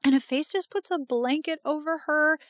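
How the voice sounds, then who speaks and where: A woman's voice: sits high, normal speed, no echo, clean studio sound. A woman hosting a podcast, recapping a romance novel in casual chat with playful, dramatic readings. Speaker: podcast host.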